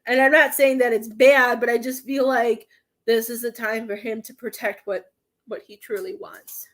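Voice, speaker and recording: Woman medium, young adult, slightly high voice; casual live reading, restarts a lot, close to tears. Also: fairly even intonation, fairly bright tone. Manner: emotional, halting, repeats herself. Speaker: psychic medium giving a reading.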